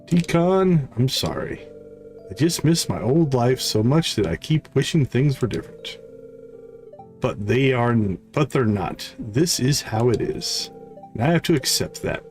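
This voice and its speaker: A man's voice: mid-range voice, a little mellow, natural voice. A man reading out the lines of a frail, despairing young villager recovering from illness, in a plain read-aloud way.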